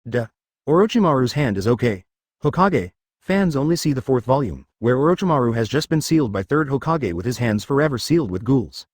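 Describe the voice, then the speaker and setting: Man narrating in a lively, dry voice. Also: mid-range voice, brisk, dry recording. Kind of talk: scripted narration of a fan story.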